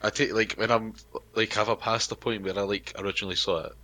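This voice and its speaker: A man's voice: on the low side, fairly even intonation, fast talker, pushed and bright, dry recording. A man playing a tabletop role-playing game, chatting casually and eagerly. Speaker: player.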